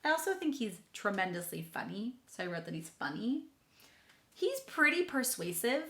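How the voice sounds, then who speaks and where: Bright-voiced, chatty woman teacher. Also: on the high side, big pitch swings, normal speed. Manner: enthusiastic, chatty, addresses kids directly. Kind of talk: reading lesson for children. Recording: echoey room.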